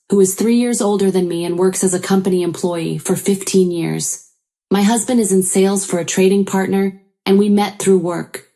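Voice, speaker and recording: A woman narrating a first-person story in an even, measured way. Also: medium pitch.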